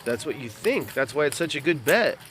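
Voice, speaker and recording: A man calling a poker game live, breaking down each bet in a measured, analytical way. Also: medium pitch, big pitch swings, over music. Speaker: poker commentator. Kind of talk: live play-by-play commentary.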